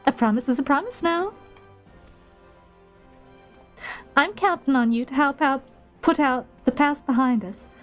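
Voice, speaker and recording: A woman's voice: high-pitched, moderate pace, soft background music, pitched above the performer's own voice, lightly acted. Momodi, a woman voicing a drawling innkeeper. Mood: encouraging. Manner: slight put-on southern drawl. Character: shrewd middle-aged female guild innkeeper. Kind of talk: reading game dialogue aloud in character.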